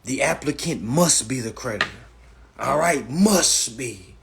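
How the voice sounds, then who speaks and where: A man's voice: medium pitch, animated, unhurried, creaky, noisy background. A man hosting a casual livestream, lecturing bluntly with lots of swearing and frequent "all right" checks. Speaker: livestream host. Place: indoors, livestream.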